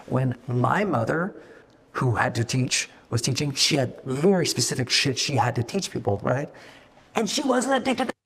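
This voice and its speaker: A middle-aged man, a company founder, talking fast and casually to his staff, swearing freely and acting out little voices as he goes. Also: medium pitch, slightly rough, in a large hall. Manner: fast, profane, animated, acts out voices. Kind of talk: casual meeting talk to staff.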